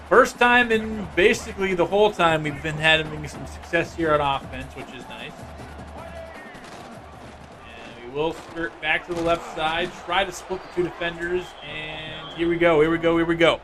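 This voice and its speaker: A man calls the plays of a football video game live, bursting into excitement on big plays and slipping into easy chatter with his viewers. His voice sits a little high, with faint music underneath. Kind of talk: live gameplay commentary.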